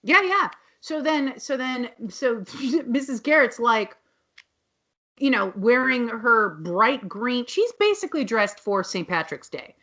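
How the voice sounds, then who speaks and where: A woman's voice: a little high, sing-song, slow pace, pushed and bright. A woman co-hosting a podcast, casually and rambly recapping a TV episode with many restarts. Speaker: podcast co-host.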